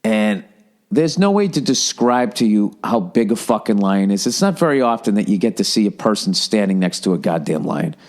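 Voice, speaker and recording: A man hosting a podcast, telling a rambling, profane comic story in an animated way. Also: on the low side, moderate pace. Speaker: podcast host. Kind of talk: comedic storytelling rant.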